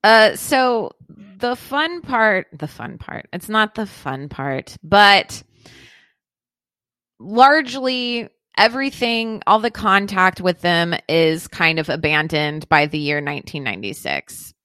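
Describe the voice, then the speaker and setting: Slow, bright-voiced woman telling a story. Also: medium pitch, lively intonation, no echo. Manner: profane, rambling, filler-heavy. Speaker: podcast host. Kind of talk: casual storytelling chat.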